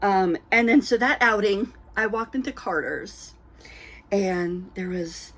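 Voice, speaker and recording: A woman's voice: medium pitch, takes it slowly. Chatty, giggly woman with a dry throat. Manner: chatty, giggly, many ums, acts out quoted voices. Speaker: reborn doll collector vlogger. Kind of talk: casual storytelling to camera. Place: indoors at home, lit by a ring light.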